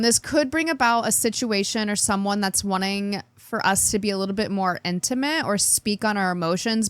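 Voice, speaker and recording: A woman talks through a weekly astrology forecast in a bubbly, chatty way, laughing often. Her voice sits at a middle pitch and is recorded close and dry, with no room around it. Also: clear, resonant tone, no room sound. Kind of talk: casual spoken forecast.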